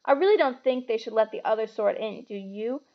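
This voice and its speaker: A woman's voice: on the high side, fairly quick, highs cut off, natural voice. A woman voicing a snobbish pale boy who drawls and sneers, read aloud from a storybook. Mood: drawling.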